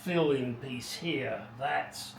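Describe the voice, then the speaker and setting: A man's voice: medium pitch, extremely slow, gravelly. Middle-aged man, rambling wry garage talk, distant mic, roomy echo, background noise. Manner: rambling, wry, muttering asides. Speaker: car restoration vlogger. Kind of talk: casual workshop narration. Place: home garage, indoors.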